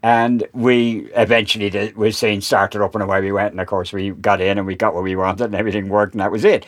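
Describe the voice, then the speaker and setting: A man's voice: fairly low pitch, fast talker. Older man telling on-set stories. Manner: animated storyteller, acts out quoted exchanges with laughs. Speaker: boom operator and sound mixer guest. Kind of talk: anecdotal interview storytelling.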